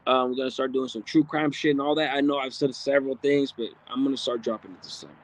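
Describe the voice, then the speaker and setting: A man's voice: mid-range voice, fairly even intonation, fast talker. A man hosting a livestream, reading viewer comments aloud in a blunt, streetwise, casual way with frequent profanity. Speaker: livestream host.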